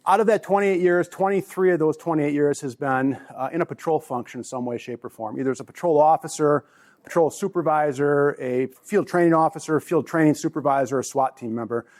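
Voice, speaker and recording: A man's voice: on the high side, fairly quick, darkish tone. A man in his forties, a conference presenter, speaking casually and jokingly to a live audience in a meeting room. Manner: chatty, joking, with restarts.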